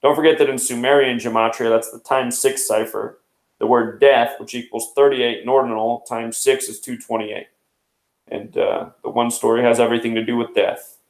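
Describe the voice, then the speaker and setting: A man in his thirties hosts a news commentary show, explaining as he rapidly reels off one number after another. His middle-pitched voice barely moves in pitch, and the room sounds noticeably echoey.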